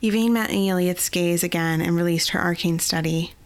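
A woman narrating a fantasy novel in a steady, even storytelling voice. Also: on the low side, moderate pace. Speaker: audiobook narrator.

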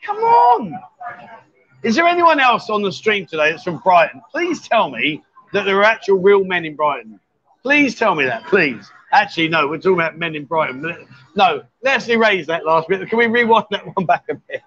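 A man's voice: high voice, sing-song, moderate pace, sharp tone. A man hosting a casual livestream from a bar, teasing his guests with jokey banter. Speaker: livestream host. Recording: dull lo-fi livestream audio.

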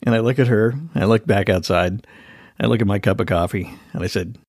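A man hosting a podcast, telling a story in an animated, casual way and acting out the voices of the people in it. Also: on the low side, brisk, no room sound, studio quality. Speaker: podcast host.

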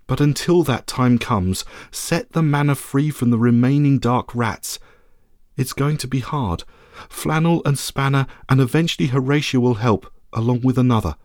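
A man's voice: medium pitch, normal speed, a little mellow, dry recording, close to an everyday voice. Solemn magical lady, voiced in a man's own voice, dry sound. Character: gentle glowing Lady of Light, a woman.

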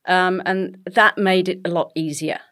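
A middle-aged woman with an English accent talks as an interview guest, her voice sitting a little low. She tells her stories in an animated, conversational way and laughs easily. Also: moderate pace. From England. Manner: animated storytelling, laughs often.

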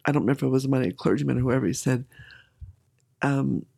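A woman's voice: a bass voice, fast, vocal fry, dark tone, husky. A middle-aged woman candidly telling a personal story in an interview, with emotion and occasional laughter.

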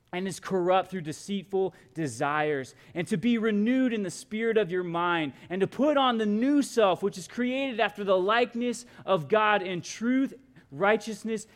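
A pastor preaching a sermon, reading scripture aloud and pressing his points with emphatic repeated exhortations. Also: sits high.

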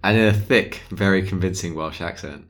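Deep-voiced man joking through a tabletop game. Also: a little fast, a bit bright. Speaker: player. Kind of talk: casual tabletop game chat.

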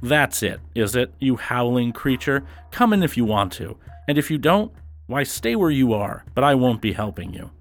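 Man doing a rough, stern young fellow. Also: mid-range voice, animated, normal speed, faint music behind, natural voice. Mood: scornful. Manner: rough, scolding.

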